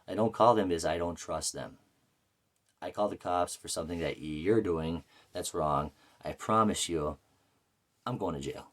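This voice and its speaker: A man's voice: sits low, normal speed. A man telling a rambling, profane story about his life in a casual, blunt way. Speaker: vlogger.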